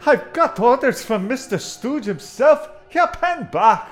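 A man's voice: extremely high pitch, very animated, unhurried, faint music behind, exaggerated voice. A man playing a bossy mine foreman, barking orders at his workers. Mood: gruff. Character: gruff male mine foreman.

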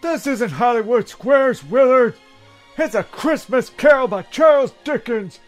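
Brief: impatient, gruff man barking orders, very high voice, faint music. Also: lively intonation, measured pace. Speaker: heckling offstage narrator. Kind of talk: radio comedy sketch.

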